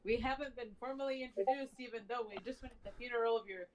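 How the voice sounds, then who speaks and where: A woman's voice: on the high side, fast, darkish tone, rough recording. Casual woman playing a tabletop game. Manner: casual, hesitant, many fillers. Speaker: player. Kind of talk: in-character roleplay.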